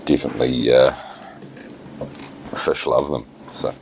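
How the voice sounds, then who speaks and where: A man with a New Zealand accent talking casually through a fly tying tutorial, relaxed and plain-spoken with many fillers. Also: a bass voice, measured pace, a little hiss or hum.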